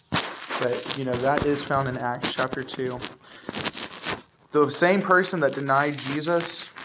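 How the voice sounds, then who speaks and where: A young man preaching a casual, conversational sermon to a youth group, with frequent asides to the crowd. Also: medium pitch. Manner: casual, repetitive "I can tell you" asides to the crowd.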